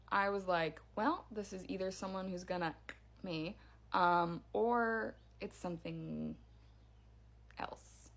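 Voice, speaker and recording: Woman telling a spooky story, gravelly. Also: medium pitch. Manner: animated, hushed for spooky parts. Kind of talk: casual storytelling to camera.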